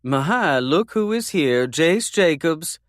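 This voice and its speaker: A man reading a romance audiobook, voicing a kind older mother in a slightly raised, soft voice. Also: fairly high pitch, lively intonation, slow pace, no echo, clean studio sound, voice pushed up. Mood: delighted.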